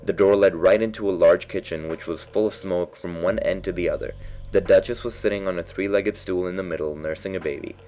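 A man narrating a classic storybook in a measured, expressive reading. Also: sits low, slight background noise, rough recording.

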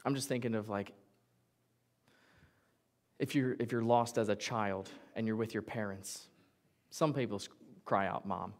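A man's voice: lowish voice, steady tone, a little slow, pauses often. A male pastor preaching a sermon in a conversational, jokey way, often acting out what people say. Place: church sanctuary.

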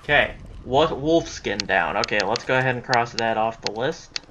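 A young man giving casual let's-play commentary, chatty and easily frustrated, breaking into excited yelling during chases. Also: mid-range voice, moderate pace, highs cut off, noisy background. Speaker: gameplay commentator.

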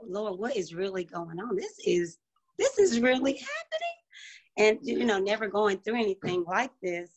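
A woman's voice: medium pitch, fairly bright tone. Emotional middle-aged woman telling her story. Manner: emotional, faith-filled storytelling. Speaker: restaurant owner. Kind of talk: panel discussion on a video call.

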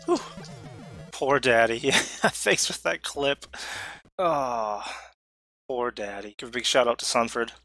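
A man giving live commentary while playing a video game, excitable, talking to himself and letting out sudden yelps. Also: medium pitch, slow pace, pauses often, no room sound, soft background music.

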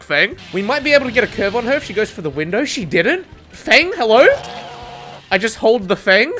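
Excitable swearing gamer, lively voice. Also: medium pitch. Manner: excitable, swears a lot, laughs often. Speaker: gamer streaming a match. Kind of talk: live gameplay commentary.

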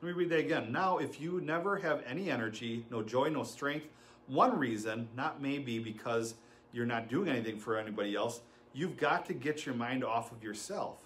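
Animated male pastor preaching a sermon. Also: mid-range voice, normal speed, a little hiss or hum. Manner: animated storytelling, laughing and acting out quotes.

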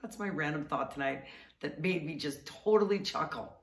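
A woman vlogger telling a funny story to camera in a chatty, animated way, often laughing and stretching out words. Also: sits low, normal speed. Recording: roomy sound, mic at a distance.

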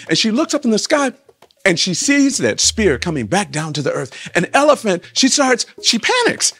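A man telling a folktale to listeners, with rhythmic refrains and big shifts in pitch and volume. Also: very animated, moderate pace, a bit bright, soft background music. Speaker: storyteller.

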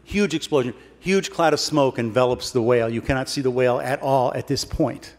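A man gives a humorous keynote to an audience in a large hall, spinning a long comic tale with wry, dry delivery. His voice is mid-range and a little mellow, fairly quick, heard through long hall reverb with faint background noise.

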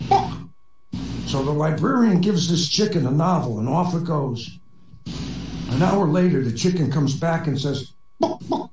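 A man's voice: a little high, expressive, moderate pace, echoey room, recorded from a distance, noisy background. A man telling corny jokes in a voice chat comedy set, with dry delivery as a robot persona. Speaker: stand-up comedian.

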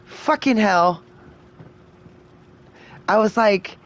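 A woman's voice: lowish voice, slow pace, pauses often. A woman streaming a game and chatting casually with friends, swearing freely and laughing often. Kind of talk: casual gaming stream chat.

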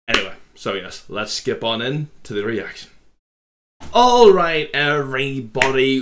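Irish man, reaction host, lowish voice, blunt and sweary, rambling chat. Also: bright, forceful tone. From Ireland. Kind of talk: casual reaction-video chat.

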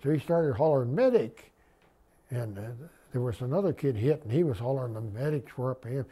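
A man's voice: medium pitch, fast, husky. A man in his nineties, a war veteran, telling his story in an oral history interview. He rambles, restarts sentences, adds wry humor, and lifts his voice when quoting others. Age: 90s. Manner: animated retelling, lifting his voice for quoted dialogue.

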